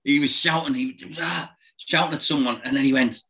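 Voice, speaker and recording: A former football manager telling lively anecdotes in casual chat, acting out voices and noises and laughing often. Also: male voice, medium pitch, brisk, poor audio.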